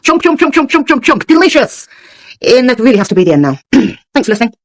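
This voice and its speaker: A woman's voice: fairly high pitch, big pitch swings, quick pace, no room sound, studio quality. A woman voicing a crude British woman reciting a rude rhyming tale in a cheeky sing-song way.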